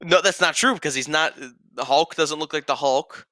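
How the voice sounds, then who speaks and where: A young man co-hosting a casual podcast chat, animated and joking, swearing freely. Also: a little high, moderate pace, no room sound. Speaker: podcast co-host. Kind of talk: casual chat reviewing a film trailer.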